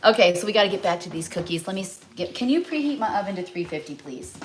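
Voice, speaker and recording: A woman's voice: mid-range voice, animated, fast, a little hiss or hum. Chatty woman hosting a live cooking stream. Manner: chatty and rambling, many fillers and asides. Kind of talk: casual live cooking chat.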